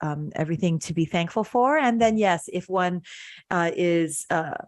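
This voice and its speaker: A woman's voice: lowish voice, animated, moderate pace, no room sound. A middle-aged woman from Hawaii hosting a podcast, talking in an earnest, heartfelt way with many fillers. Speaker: podcast host. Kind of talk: casual chat.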